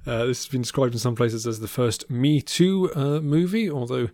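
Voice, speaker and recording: A man's voice: mid-range voice, steady tone, normal speed, darkish tone, no echo, studio quality. A man co-hosting a podcast, chatting casually about films with many ums and restarts. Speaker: podcast co-host. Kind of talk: casual film review chat.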